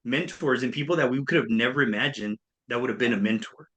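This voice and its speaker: In an interview, a man in his thirties who works as a speaker and coach tells his story at a fast clip in a mid-range voice. He's animated, acting out the voices of the people he quotes.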